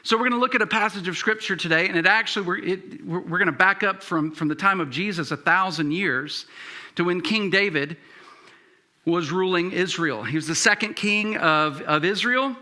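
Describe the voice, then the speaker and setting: A male pastor delivers a sermon in a relaxed, conversational way, often restarting his sentences and filling pauses. His voice is very bright and forceful, and pitched somewhat high for a man. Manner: conversational, many fillers and restarts.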